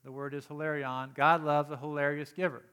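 A man delivers a sermon to his congregation in a fairly high voice. He talks in a conversational way, dropping quiet for explanation and rising for emphatic urging. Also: flat delivery, fairly quick, clean tone. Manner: conversational preaching, swings from soft to emphatic. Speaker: pastor.

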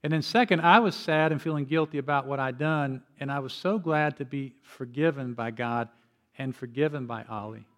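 A man's voice: medium pitch, moderate pace, a bit bright. An older man preaching a sermon as pastor, telling personal stories in an earnest way with frequent restarts.

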